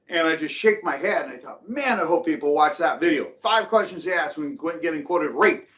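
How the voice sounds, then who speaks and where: A middle-aged man hosting a casual real estate market update, chatty and opinionated, often acting out what people say. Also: a little high. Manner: animated, chatty, opinionated, acts out quotes. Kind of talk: casual market commentary to camera.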